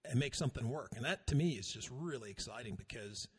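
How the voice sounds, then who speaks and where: A man's voice: medium pitch, animated, fast talker, husky. A man co-hosting a podcast, telling a rambling, self-deprecating story in casual chat. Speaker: podcast co-host.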